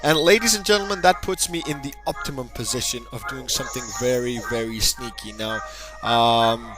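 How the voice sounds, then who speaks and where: A man narrating a game battle in a casual, rambling way, cracking jokes and breaking into excited bursts now and then. His voice sits at an ordinary middle pitch. Background music plays clearly behind him. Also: normal speed, poor audio. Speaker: gaming channel host. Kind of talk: casual battle commentary over gameplay.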